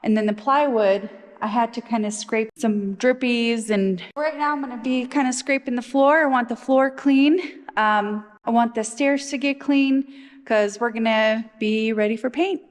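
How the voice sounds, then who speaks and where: A woman's voice: fairly high pitch, fairly even intonation, normal speed. A woman vlogging in casual chat about her workshop project, talking in a chatty, enthusiastic way. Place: unfinished shop building. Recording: echoey roomy shop with long reverb.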